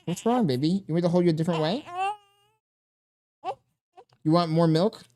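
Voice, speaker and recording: A man livestreams casually, reading chat comments out loud and cooing at a baby with playful, mock self-pity. His voice is a little high and mellow, at a normal pace.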